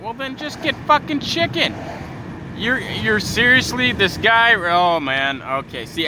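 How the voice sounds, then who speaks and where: A man from Canada ranting and swearing through a podcast while driving, exasperated and full of asides. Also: medium pitch. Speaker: podcast host. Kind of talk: profane podcast rant. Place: in a moving car. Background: faint car noise.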